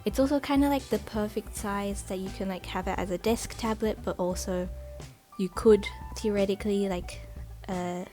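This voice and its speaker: Woman vlogging an unboxing, middle pitch, rambly and chatty, says like a lot, meh home mic, faint music behind. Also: normal speed, dark tone. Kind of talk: casual voice-over for an unboxing video. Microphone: not very good home microphone.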